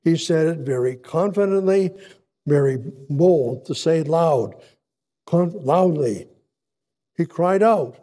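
A man preaching a sermon, expounding scripture in a deliberate way, repeating words for emphasis and swelling louder on key points, with frequent restarts. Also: a little high. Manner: halting, with frequent restarts and asides.

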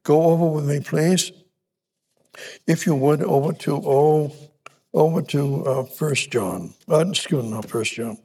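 A man preaching a sermon in an emphatic, repetitive way, with frequent restarts and halting pauses. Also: fairly high pitch, dark tone, slightly rough.

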